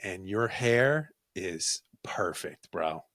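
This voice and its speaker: A young man hosting a podcast, telling a story in a casual, animated, profane, jokey way. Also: low voice, very slow, dry recording, studio quality. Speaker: podcast host.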